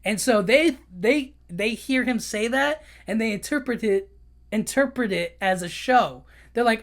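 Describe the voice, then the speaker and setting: Male podcast host, casual talky recap, stumbles and restarts, throws in quick character voices. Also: high voice, animated, a bit bright. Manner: rambling, loose retelling with many restarts and fillers; acts out characters' lines in quick bursts.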